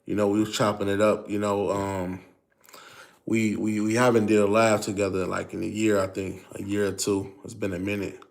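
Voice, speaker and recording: A man's voice: on the low side, little pitch movement, normal speed, creaky. A man hosting a casual livestream, greeting viewers over and over and explaining things in a loose, filler-heavy way. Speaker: livestream host.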